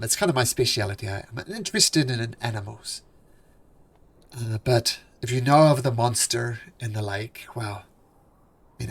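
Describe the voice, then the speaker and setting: A man's voice: fairly low pitch, a bit bright. A man voicing an earnest, nervous male half-elf naturalist who stammers and restarts his words politely in a tabletop game.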